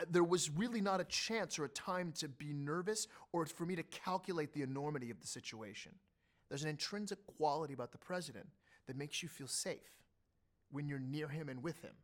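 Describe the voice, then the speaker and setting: A man telling an animated story as an interview guest, acting out what others said. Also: on the high side. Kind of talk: conversational anecdote telling.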